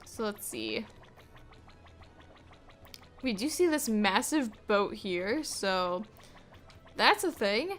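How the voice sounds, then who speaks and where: A woman's voice: medium pitch, big pitch swings, extremely slow, long pauses, fairly bright tone, soft background music. A young woman hosting a let's play, chatting casually with many fillers. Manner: chatty, casual, hesitant with fillers and little laughs. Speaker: gaming channel host.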